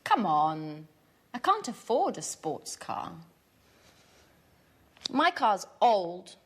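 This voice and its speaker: A woman's voice: mid-range voice, very animated, extremely slow, slightly rough, full character voice. An actress playing a young woman who earnestly asks a friend for advice in a scripted course-book dialogue. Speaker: dialogue character in a language course.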